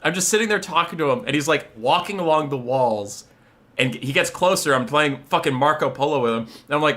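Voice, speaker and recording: Young male streamer, casual and foul-mouthed, with a bright, sharp tone. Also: a little high, brisk. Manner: animated, profane storytelling. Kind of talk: casual live-stream chat.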